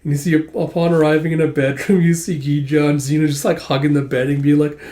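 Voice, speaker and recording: A man's voice: fairly high pitch, little pitch movement, fast talker, few pauses, dark tone. A man reading through a manga casually, summing up scenes and reading the characters' dialogue with "he's like.". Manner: paraphrases scenes and reads dialogue aloud with "it's like". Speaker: manga reader and reviewer.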